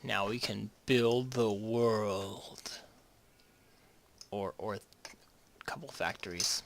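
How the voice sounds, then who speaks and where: Slow and steady, this gaming video host's fairly low, creaky voice carries casual commentary on a strategy game he plays. He rambles and jokes, often restarting sentences and trailing off mid-sentence, and there's a little hiss or hum.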